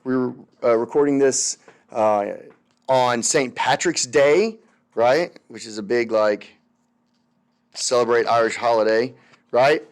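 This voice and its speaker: A man's voice: medium pitch, takes it slowly, pauses often, smooth. A young man teaching a recorded history lecture over slides, chatty and loose, with many fillers and wry asides.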